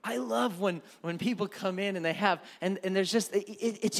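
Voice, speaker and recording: A man preaching a sermon from the pulpit, moving from soft, low passages to loud, emphatic ones and repeating words for emphasis. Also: moderate pace. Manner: builds from soft near-whisper to shouted fervor. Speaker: pastor.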